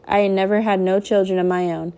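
A woman's voice: medium pitch, level tone, fast, warm tone, clean tone, lightly acted. A woman reading aloud, voicing a kindly older farmhand in a story. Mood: tender. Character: kindly older Black farmhand, gentle man.

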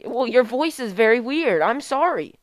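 In this comedy skit, a woman with a fairly high, expressive voice and moderate pace lightly acts the part of a prudish fifteen-year-old Mormon boy. He hosts a call-in podcast and gets flustered as he scolds his callers.

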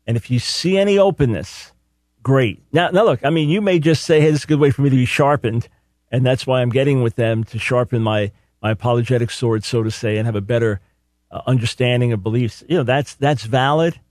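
A man's voice: mid-range voice, fairly quick, a little mellow, no echo, studio quality. A man hosting a call-in radio show, talking earnestly and emphatically, often doubling words as he starts a thought.

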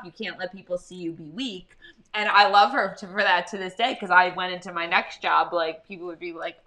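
Young woman podcast cohost, bright tense voice, swears a lot, animated. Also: fairly low pitch. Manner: profane, animated storytelling. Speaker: podcast co-host. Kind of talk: casual chat.

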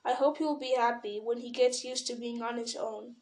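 A fussy, stubborn old hobbit, voiced by a woman reading a book aloud. He sounds fretful and turns sharp and defensive. The voice sits a little high. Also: fairly even intonation, brisk, lightly acted. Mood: weary. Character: elderly male hobbit, fussy, stubborn, possessive.

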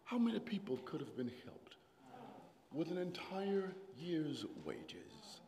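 A man preaching a sermon, rising into shouted, sung-out passages before apologizing and calming down. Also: on the high side, slow pace. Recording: hall reverb.

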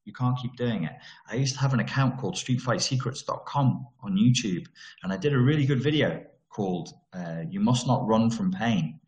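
A Merseyside vlogger rants in a monologue, his voice on the low side and darkish, with lively intonation and a normal pace. He's blunt, sweary, and sarcastic, slipping into mocking voices, and the recording has a roomy echo.

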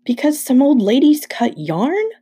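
A woman's voice: sits high, sing-song, a little slow, warm tone, breathy edge, voice pushed up, heavily acted. A woman voicing an anxious, sarcastic twelve-year-old boy who fires off incredulous questions. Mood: alarmed.

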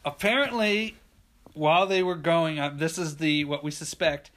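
A man's voice: a little high, steady tone, moderate pace, a bit bright. A man casually telling a rambling, profane story and laughing often. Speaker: podcast host telling a story.

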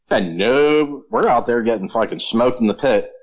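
A man and former Marine telling casual, profane stories in relaxed chat. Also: medium pitch, measured pace, dull audio. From Florida. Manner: profane, laid-back storyteller. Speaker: podcast guest, former Marine.

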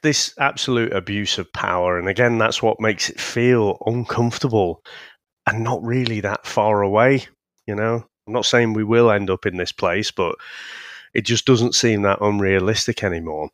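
A man, co-hosting a casual film review podcast, laid-back and halting with the odd swear. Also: on the low side, a bit bright, dry recording, studio quality. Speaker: podcast co-host.

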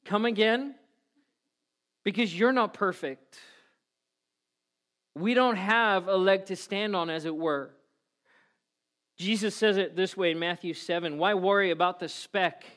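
Animated pastor, man preaching. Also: on the high side, a little slow, clear, resonant tone. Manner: animated storytelling with acted-out voices. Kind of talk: sermon. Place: church.

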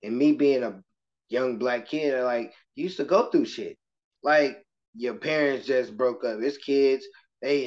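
A man who teaches kindergarten, speaking as a guest in a casual interview and telling stories with lively acted-out voices. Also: mid-range voice, a little slow. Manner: animated storytelling, slips into voices of kids and adults. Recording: muffled lo-fi podcast audio.

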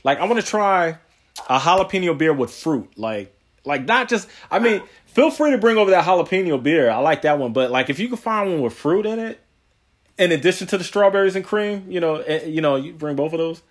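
A man hosts a podcast in loose, easygoing conversation. His voice sits a little high for a man, and he rambles through stories, laughing often. He drops slangy asides along the way. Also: animated, brisk. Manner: slangy, says yo and man a lot. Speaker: podcast host. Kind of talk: casual chat.

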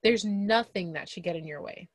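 A young adult woman co-hosting a casual podcast chat, animated and emphatic. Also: mid-range voice, moderate pace, dry recording. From Liberian family. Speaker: podcast co-host.

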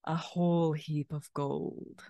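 A cool pirate queen, put on by a woman, who takes her time with every word and talks soft and sly. The voice sits very low and sounds dry and close, with no room around it. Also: little pitch movement, slow pace, vocal fry, dry recording, exaggerated voice. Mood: cool, commanding. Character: calm commanding female pirate queen.

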